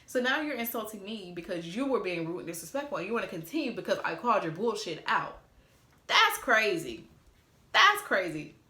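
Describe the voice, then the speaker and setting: This storytime vlogger, a woman in her twenties, talks fast with hardly any pauses, her mid-range voice a bit bright and lively in intonation. Her casual retelling to viewers is sassy, profane and exasperated, heard with a roomy echo.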